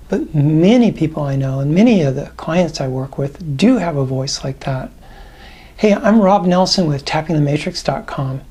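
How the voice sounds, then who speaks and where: A man, a tapping practitioner and coach, giving conversational, reflective advice to the camera with thoughtful pauses. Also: a little high, a little mellow, breathy edge.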